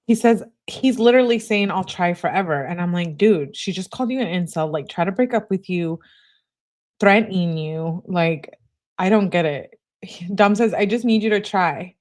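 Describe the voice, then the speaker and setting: A woman's voice: lowish voice, moderate pace, a little mellow. Chatty woman reading texts aloud on stream. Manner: reads messages aloud, interjects reactions to chat. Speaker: livestream host reading text messages. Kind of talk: casual livestream commentary.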